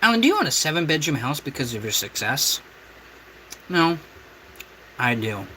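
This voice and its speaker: A brash man hosts a cooking livestream and roasts his viewers with crude, profane insults. His voice is fairly high and sharply bright. A faint background noise runs under him. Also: sing-song, normal speed, poor audio. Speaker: livestream host.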